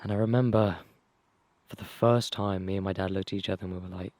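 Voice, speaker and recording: A young man tells his own life story casually, rambling and swearing, with many fillers and restarts, his voice going hoarse. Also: sits low, fairly even intonation, fast, a little mellow, dry recording. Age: young adult. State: losing his voice. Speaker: vlogger.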